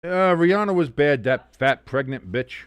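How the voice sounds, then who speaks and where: A man's voice: a little high, normal speed, clear, resonant tone, no room sound. A man hosting a casual live-stream watch-along, reading chat aloud and swearing freely as he reacts. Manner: profane, animated, reads chat aloud.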